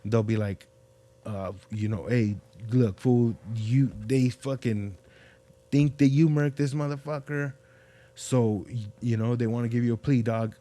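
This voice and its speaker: A man's voice: mid-range voice, steady tone, unhurried, warm tone. A man hosting a podcast, telling stories in slangy, profane casual chat full of fillers. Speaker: podcast host.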